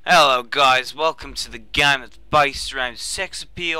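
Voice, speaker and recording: A man giving casual let's play commentary. He swings between profane, excitable outbursts and rambling, offhand asides. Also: medium pitch, normal speed, hardly any pauses. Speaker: gameplay commentator.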